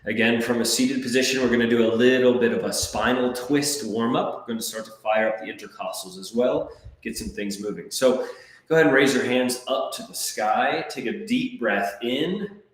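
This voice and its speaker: A man coaching a breathwork class, calmly counting and giving gentle step-by-step cues. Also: mid-range voice, normal speed. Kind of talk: guided breathwork class instruction. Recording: very echoey room.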